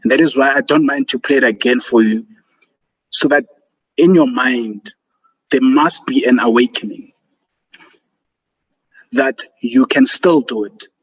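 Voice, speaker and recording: This man's husky, medium-pitched voice moves unhurriedly, leaving long pauses as he leads a student seminar over a video call. He sounds earnest and encouraging, uses fillers, and gives a motivational online talk, all heard through dull lo-fi call audio.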